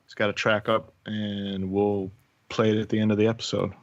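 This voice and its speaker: A man co-hosts a casual podcast in an easygoing, halting way. His voice is low and gravelly. The recording is dry and somewhat muffled. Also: level tone, no echo. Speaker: podcast co-host. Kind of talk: casual chat.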